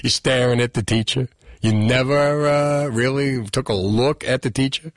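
A man hosting a radio talk show from New Jersey, bantering in a jokey, animated way with his co-host. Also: mid-range voice, moderate pace, dry recording, clean studio sound. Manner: jokey, animated, frequent laughs. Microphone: studio microphone.

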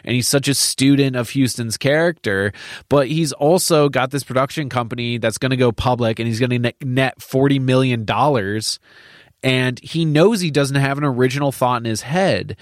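A man with a medium-pitched voice co-hosts a podcast, speaking at a moderate pace about a film in a casual, candid, profane way full of fillers and restarts. The recording is dry and clean, with a studio sound.

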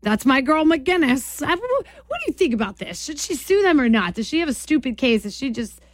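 Brash higher-voiced woman radio host. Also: very animated, a little fast, no echo, clean studio sound. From New Jersey. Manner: brash, joking, laughs often. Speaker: radio morning show host. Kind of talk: radio morning show chat. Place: radio studio. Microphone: studio mic.

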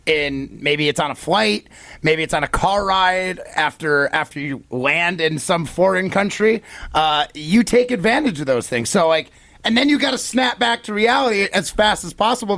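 A male radio co-host with a fairly high voice, talking in a relaxed, offhand way with dry jokes. The studio sound is close and dry, with no room echo. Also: gravelly. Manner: laid-back, dry humor. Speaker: radio co-host, Olympic curler. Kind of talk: casual sports radio banter.

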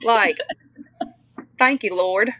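A woman's voice: a little high, extremely slow, sharp tone, no echo. A woman with a strong regional accent, chatting as an interview guest, rambling with fillers and restarts. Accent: strong regional accent she shares with her family. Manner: chatty, many fillers and restarts, laughs easily. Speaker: interview guest, country singer. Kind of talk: casual interview chat.

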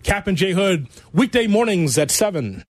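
A man's voice: high-pitched, very animated, normal speed, dry recording. A man co-hosting a sports talk radio show in a studio, upbeat, laughing easily and reading station promos. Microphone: studio mic.

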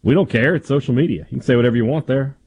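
A man co-hosting a radio show, joking with quick asides in casual banter. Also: medium pitch, darkish tone, breathy edge, no echo.

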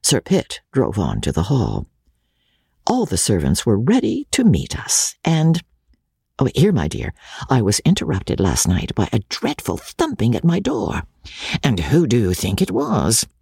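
Lively, gravelly audiobook narrator. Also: mid-range voice, no room sound, clean studio sound. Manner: lively, expressive storytelling. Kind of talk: first-person letter narration.

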